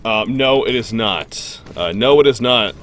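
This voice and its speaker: A young man hosts a game stream, commenting on his own play and answering viewer questions in a chatty, rambling way. He reacts loudly to plays, though his mid-range voice keeps a measured pace. There's a little hiss or hum.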